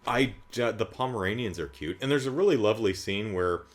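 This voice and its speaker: A man's voice: lowish voice, expressive, a little fast. A man giving a casual, comedic movie recap in a sarcastic, incredulous way, rambling with asides. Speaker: movie reviewer.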